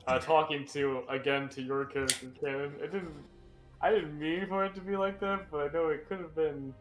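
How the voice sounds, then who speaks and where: A man's voice: on the high side, fairly even intonation, over music. A male player chatting after a game, hesitant and full of restarts. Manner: hesitant, apologetic, halting.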